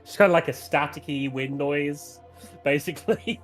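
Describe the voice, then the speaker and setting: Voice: mid-range voice, moderate pace, soft background music. A game master running a tabletop role-playing session, making rules calls and laughing often.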